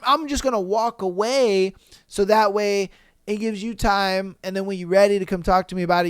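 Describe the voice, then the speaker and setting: Young male podcast host, blunt and profane, high and smooth voice, dry sound. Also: no room sound. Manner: blunt, profane, joking, fast talker. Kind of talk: casual chat.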